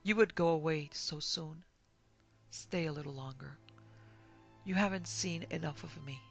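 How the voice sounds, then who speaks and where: A woman voicing a bitter disfigured blind man bent on revenge, speaking in a quiet, coaxing, menacing way in a horror audiobook. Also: sits low, unhurried, gravelly, soft background music.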